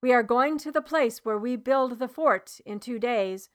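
A woman's voice: fairly high pitch, a little slow, close to an everyday voice. A woman voicing a stern male Roman centurion who speaks in clipped, firm orders in an audiobook reading. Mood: firm, commanding.

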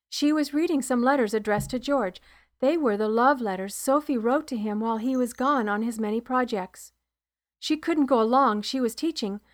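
A woman with a fairly high voice reads her own novel aloud in a soft, subdued way. She is recorded close up in a dry, quiet room, with no room echo. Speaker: author and audiobook narrator. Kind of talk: reading own novel as a podcast.

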